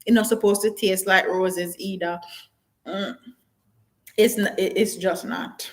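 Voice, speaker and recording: A woman talks straight to her live-stream viewers, blunt and animated. She slips into patois phrasing, laughs often, and reads out comments as they come in. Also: mid-range voice, unhurried, rough recording. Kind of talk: casual live-stream chat.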